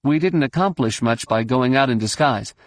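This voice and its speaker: A man's voice: mid-range voice, expressive, moderate pace, dry recording, lightly acted. A man voicing an eager, earnest young man in a science fiction audiobook.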